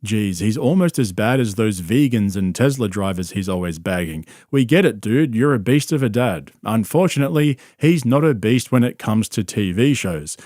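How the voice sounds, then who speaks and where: A man's voice: on the low side, expressive, moderate pace, few pauses, a little mellow, no echo, clean studio sound. A man narrating a mocking commentary on podcast clips, in a sarcastic tone. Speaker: commentary channel host.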